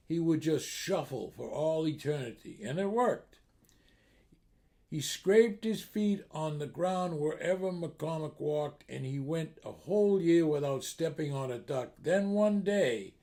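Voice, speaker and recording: A man's voice: on the high side, dark tone. A man telling jokes in a storytelling manner, steadily building up to each punchline. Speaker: joke teller. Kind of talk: comedic joke telling.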